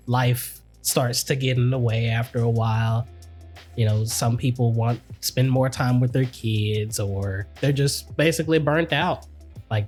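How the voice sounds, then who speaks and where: A woman co-hosting a podcast in casual chat, relaxed and opinionated, with "like" dropped in often. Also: extremely low pitch. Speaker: podcast co-host. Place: home recording setup.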